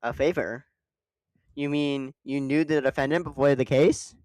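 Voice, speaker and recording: A player putting on a calm woman mentor lawyer. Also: mid-range voice, moderate pace, no room sound, close to an everyday voice, low-quality recording. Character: composed female senior lawyer, encouraging mentor.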